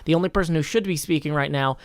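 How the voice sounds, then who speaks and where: Streamer man with a fairly high, smooth voice, running things like a formal court. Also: no echo. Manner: measured, mock-formal like a judge. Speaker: streamer hosting a game server. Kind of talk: casual livestream chat.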